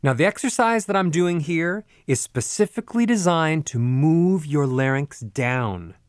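A middle-aged man, a voice coach, explaining vocal exercises step by step in a clear, patient way. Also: on the high side, expressive, unhurried, dry recording, studio quality. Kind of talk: spoken instruction with vocal exercises.

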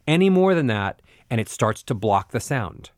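A man's voice: medium pitch, big pitch swings, moderate pace, dry recording. Man coaching voice exercises, dry close sound. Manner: clear, patient step-by-step explaining. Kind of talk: spoken instruction with vocal exercises.

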